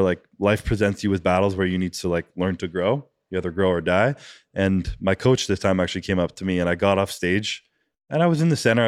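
A man with a very low voice speaks quickly and loosely, filling every thought with "like" and dropping curse words as he goes. The sound is close and dry, with no room around it, as in a podcast studio. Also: dry recording. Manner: rambling, fillers of "like", frequent swearing. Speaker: podcast guest, bodybuilding competitor. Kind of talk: casual podcast conversation.

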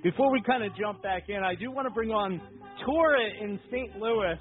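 High-voiced man hosting a call-in show. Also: moderate pace, soft background music. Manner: jokey, upbeat banter. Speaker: podcast host. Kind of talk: casual call-in show chat. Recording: tinny phone-like sound.

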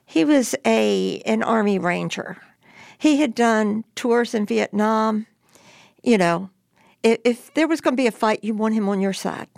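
An older woman telling her own story in an interview, lively and animated as she acts out what was said. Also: a little high, measured pace, creaky, no echo, studio quality. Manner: lively, animated retelling with voiced quotes. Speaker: storyteller guest.

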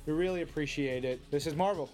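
A chatty podcast host who works through listener tweets in a loose, joking way and laughs easily between answers. The voice sits at a middling pitch and is recorded close on a studio microphone. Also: quick pace, music in the background. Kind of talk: casual podcast chat reading listener tweets.

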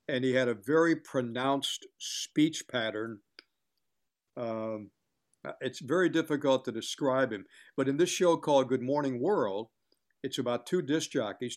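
An older man, a longtime sports broadcaster, telling chatty anecdotes in an interview and acting out what others said. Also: mid-range voice. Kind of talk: casual storytelling in an interview.

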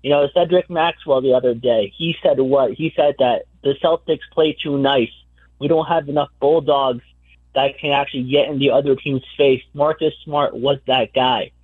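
Fired up caller guy on a tinny phone line, a bit husky. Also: medium pitch, fairly even intonation, normal speed. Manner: fired-up, questioning. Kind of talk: phone-in sports talk.

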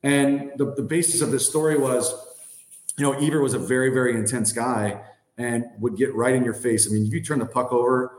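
A man's voice: medium pitch, fairly even intonation, a little fast, roomy sound. A man in his thirties, a podcast guest and former hockey player, telling a long story in a rambling, filler-heavy way. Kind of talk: casual anecdote telling.

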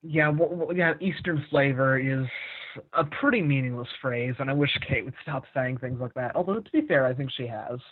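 A man's voice: medium pitch, moderate pace, slightly rough. A man chatting casually on a music podcast, blunt and swearing casually. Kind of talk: casual chat. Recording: tinny phone-like line.

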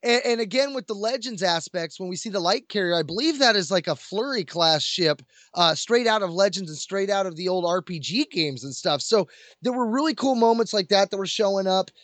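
Eager high-voiced man in a dry booth. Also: animated, fairly quick, a bit bright, dry recording. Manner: enthusiastic, filler-heavy. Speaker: podcast co-host. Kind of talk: casual discussion.

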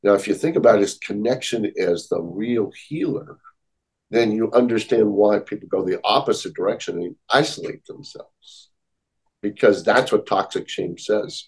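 Low, slightly husky male therapist guest; earnest, reflective, repeats key phrases. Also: normal speed, poor audio. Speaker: therapist and author, podcast guest. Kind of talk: conversational interview.

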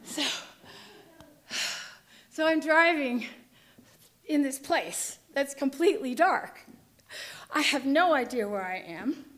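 A woman telling a personal story in a vivid, dramatic way, dropping to a hush and rising to shouts. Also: high voice, expressive, slow pace, pauses often. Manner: vivid, dramatic retelling, shifting between hushed and shouting.

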